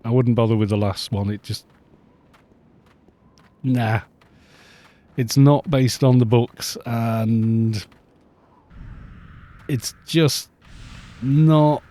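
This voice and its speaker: A man's voice: medium pitch, dark tone. A middle-aged man chatting casually and rambling on a live game stream, laughing often.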